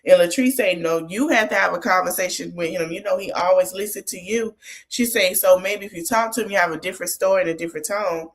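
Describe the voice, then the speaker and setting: A woman's voice: lowish voice, fast talker. A woman hosting a podcast, recapping a reality show in a casual way and giving motherly advice straight to the people on it. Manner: chatty, gives motherly advice straight to the cast.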